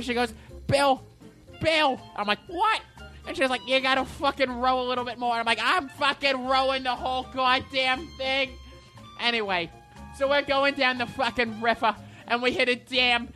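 Woman doing a cussing maniac of a guy, rants nonstop, bright sharp voice pitched a bit high, faint music under it. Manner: profane, ranting, manic. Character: foul-mouthed hot-headed man telling rants. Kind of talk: comedy character monologue.

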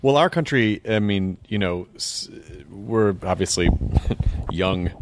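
A man's voice: lowish voice, expressive, slow, background noise. A man hosting a talk show, joking and stumbling over repeated words. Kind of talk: casual chat.

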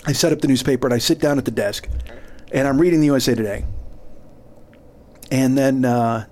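A middle-aged man, a comedian guest, telling a long story in a casual, animated way, laughing and acting out the other people's lines. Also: mid-range voice, fairly quick.

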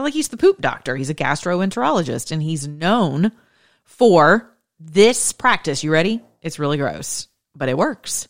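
Low-voiced emphatic woman host. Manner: chatty, emphatic storytelling with asides and self-interruptions. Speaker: political commentary host. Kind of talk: casual monologue commentary.

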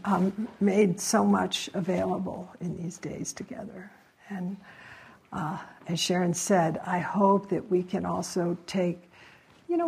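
A woman meditation teacher giving closing remarks at a retreat, speaking in a reflective, halting and gently encouraging way. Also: medium pitch, vocal fry, breathy edge.

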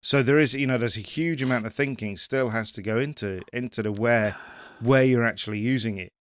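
A man's voice: medium pitch, fairly quick, no echo, clean studio sound. A man hosting a rally podcast, rambling cheerfully with restarts and self-deprecating asides. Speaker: podcast host. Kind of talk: casual panel chat.

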